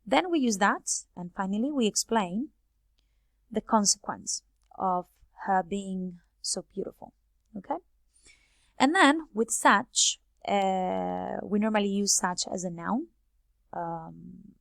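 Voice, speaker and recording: A woman's voice: medium pitch, expressive, a little slow, creaky, pauses often, no echo. Woman teaching grammar in a dry recording. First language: Spanish. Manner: explanatory, reads example sentences aloud from a board. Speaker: English teacher. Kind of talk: grammar lesson.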